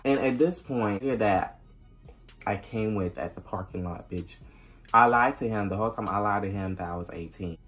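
A young adult woman telling a storytime straight to camera. She is animated and profane, and she slips into acted dialogue as she goes. Faint music plays quietly underneath. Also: extremely low pitch, normal speed. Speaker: vlogger. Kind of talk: casual storytime.

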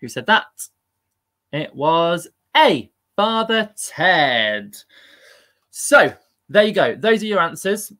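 A man's voice: high-pitched, lively intonation, a little slow, pushed and bright. A man hosting a live-streamed quiz, upbeat and chatty and laughing at himself. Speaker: quiz host.

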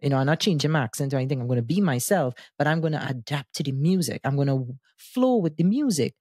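A man hosting a music podcast, explaining his views with animated enthusiasm in casual discussion. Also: a little high, quick pace, breathy edge, dry recording, studio quality. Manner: animated, enthusiastic explainer who breaks into sung bits. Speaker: podcast host.

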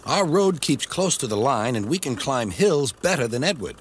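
A man's voice: mid-range voice, sing-song, moderate pace, a little hiss or hum, natural voice. A man playing a sensible male bus driver in a children's storybook, firm and reassuring.

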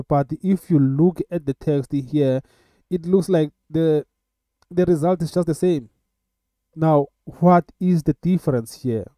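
A man teaching web coding in a screen-recorded tutorial, talking in a halting way with many filler sounds. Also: fairly high pitch, dark tone, no echo. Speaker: coding instructor.

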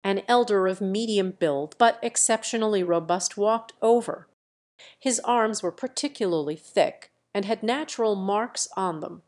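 Woman reading a web novel aloud, mid pitch, steady even narration. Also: a little slow. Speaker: audiobook narrator. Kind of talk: scripted narration.

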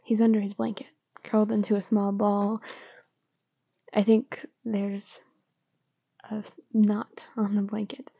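A woman narrating a story in a soft, partly whispered, calm way. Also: medium pitch, a little slow, vocal fry, long pauses, slightly rough, no echo, dull audio. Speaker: story reader.

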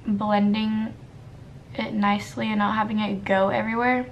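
A woman's voice: medium pitch, flat delivery, normal speed, muffled recording, slight background noise. A young woman talking her way through a makeup tutorial in a casual, self-deprecating and flustered way, muttering to herself. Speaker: beauty vlogger.

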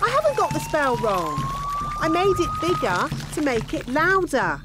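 A woman's voice: high voice, wildly swooping pitch, moderate pace. A woman voicing an overconfident, scatterbrained fairy nanny in a cartoon, chanting spells breezily. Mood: breezy. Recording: cartoon soundtrack with loud music. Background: music.

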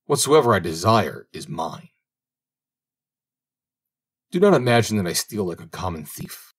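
Cunning young master thief, cool and self-assured, read by a man; low, husky, varied pitch. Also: big pitch swings, measured pace, heavily acted. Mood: confident. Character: grown son, a proud cunning master thief. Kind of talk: audiobook reading.

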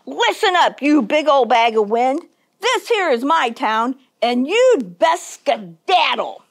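A woman doing a booming loud country boy. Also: big pitch swings, slow pace, full character voice. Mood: defiant. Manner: hollering, exuberant cowboy drawl.

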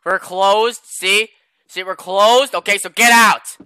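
Teen boy gamer, high and bright, bouncy delivery, dry close mic, shouty role-play. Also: slow pace, clean tone, no echo. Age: teens. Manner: animated, bursts into shouting. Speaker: gamer playing a restaurant worker. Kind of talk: playful game role-play.

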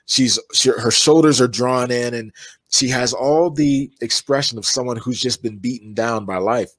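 This man, an energy healer appearing as an interview guest, has a mid-range, fairly bright voice and tells stories in a relaxed conversational interview. He rambles, with many fillers and restarts, and the recording is dry.

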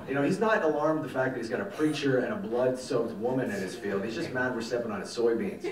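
A man, a film director telling stories at a festival Q&A, animated and rambling and swearing casually. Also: medium pitch, fairly quick. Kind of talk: festival Q&A storytelling. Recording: echoey hall, mic from far off.

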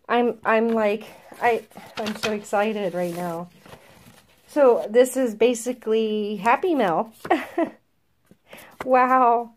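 A woman chatting casually to her viewers as she opens a gift box, soft-spoken and gushing, often stammering with excitement. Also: fairly high pitch, slow, pauses often. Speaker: vlogger opening a gift box. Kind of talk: casual unboxing chat to camera.

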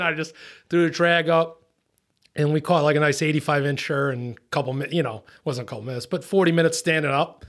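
A man, a boat captain, telling a long fishing story on a podcast in a lively, profane way, acting out his own lines. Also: on the high side, brisk.

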